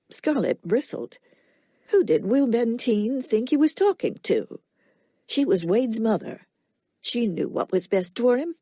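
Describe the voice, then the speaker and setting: A woman narrates a novel at a slow, deliberate pace. Her voice is mellow and warm. The recording is dry and close. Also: on the high side, sing-song, no echo. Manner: measured, unhurried storytelling. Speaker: audiobook narrator. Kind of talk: scripted narration.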